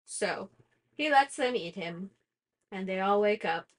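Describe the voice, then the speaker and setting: A woman's voice: medium pitch, expressive, measured pace. Chatty young woman retelling a story. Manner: chatty, lots of "like" fillers, laughs at herself. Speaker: book discussion host. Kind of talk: casual plot summary chat.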